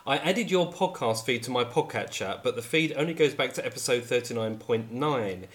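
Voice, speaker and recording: Man, podcast co-host, casual chat, mid-pitched, easy laughter. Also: animated, moderate pace. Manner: chatty, laughs easily.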